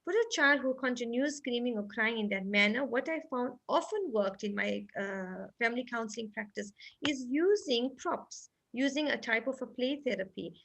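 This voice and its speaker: A woman's voice: on the high side, moderate pace, vocal fry, hardly any pauses. A woman family counselor giving parenting advice in a panel discussion, acting out little scenes as she explains. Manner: animated, acts out parent and teddy bear lines.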